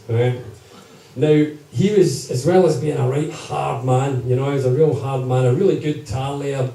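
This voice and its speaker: A man's voice: mid-range voice, vocal fry, dark tone. A man telling comic stories to a live crowd, chatty and checking in with them. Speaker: storyteller at a gig. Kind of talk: comic storytelling to a live audience. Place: live music gig. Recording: echoey live room, distant mic.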